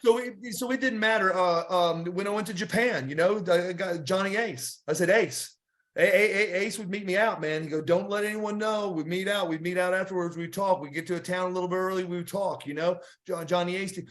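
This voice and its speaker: A man's voice: high voice, fairly quick, a bit bright. A middle-aged man telling rambling wrestling stories in a casual interview, with many restarts and fillers. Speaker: guest wrestler.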